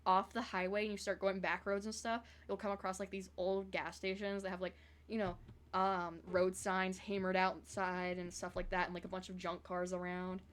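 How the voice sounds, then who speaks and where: A woman's voice: on the low side, level tone, moderate pace, fairly bright tone. A woman from the American South chatting casually on a live stream, rambling with lots of fillers.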